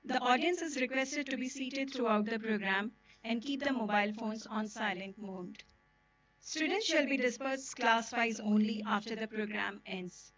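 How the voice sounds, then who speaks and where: A woman's voice: a little high, moderate pace, fairly bright tone, muffled recording, a little hiss or hum. Woman announcer. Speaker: event announcer. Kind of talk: formal announcements.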